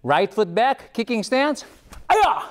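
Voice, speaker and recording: High-voiced breathless taekwondo instructor. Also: male voice, animated, normal speed. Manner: encouraging, calls out commands and kiai shouts. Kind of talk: guided workout instruction.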